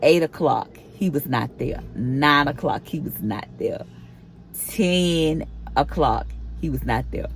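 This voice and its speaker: A woman's voice: low voice, slow, slight background noise. A woman vlogger telling a personal story in a casual storytime, acting out the quoted back-and-forth as she goes. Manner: chatty retelling with acted-out quoted dialogue.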